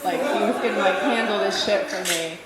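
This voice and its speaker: A woman's voice: medium pitch, a little fast, over a noisy crowd. A woman telling a true story to a live audience in a casual, laughing, profane and self-mocking way. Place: former airplane hangar at a live show. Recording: echoey hangar, far from the mic, music behind.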